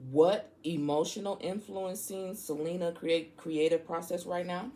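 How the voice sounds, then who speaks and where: A low-voiced woman gives a casual tarot reading over a noisy background. She's outspoken and slangy, chatting away and speaking directly to her listeners.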